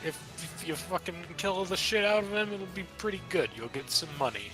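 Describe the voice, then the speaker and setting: A man's voice: high voice, sing-song, a little fast, over music, rough recording. A young man recapping a tabletop game as dungeon master in a rambling, profane, offhand way.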